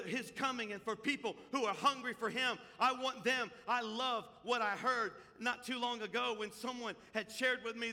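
Male pastor, impassioned sermon, high voice, very bright and forceful, reverberant church hall. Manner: impassioned preaching, swinging from shouts to hushed storytelling.

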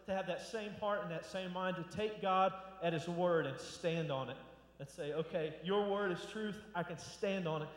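A male pastor giving a loose, conversational sermon, often repeating words and restarting phrases. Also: fairly high pitch. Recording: echoey hall with long reverb.

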